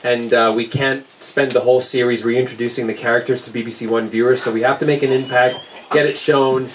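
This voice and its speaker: A man with an American accent, an author answering audience questions at a book signing with joking, animated storytelling. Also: medium pitch, fairly quick, a little hiss or hum. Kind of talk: casual audience Q&A. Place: indoor book-signing event with a crowd. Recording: crowd chatter behind.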